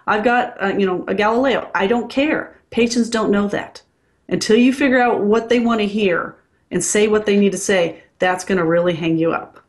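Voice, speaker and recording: A woman's voice: medium pitch, steady tone, moderate pace. A woman working as a dental consultant, speaking frankly and bluntly in a casual interview.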